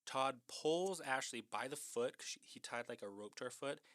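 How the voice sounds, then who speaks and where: A man's voice: mid-range voice, normal speed, fairly bright tone, dry recording, clean studio sound. Chatty, profane man recapping a horror film.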